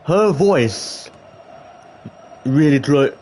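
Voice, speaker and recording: A teenage boy telling a school story to camera in an excitable, rambling way, full of restarts and exclamations. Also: fairly high pitch, drawn-out words. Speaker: vlogger.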